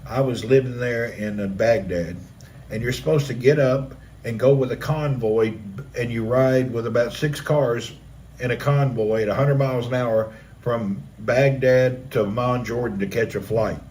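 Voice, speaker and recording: A middle-aged man on his live stream, telling a personal story with animated energy and acting out the action with vocal sound effects. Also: mid-range voice, normal speed, a little hiss or hum.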